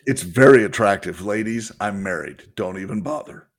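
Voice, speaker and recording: A man's voice: fairly low pitch, animated, normal speed. A man co-hosting a podcast in casual chat, easygoing and joking with frequent chuckles. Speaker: podcast co-host.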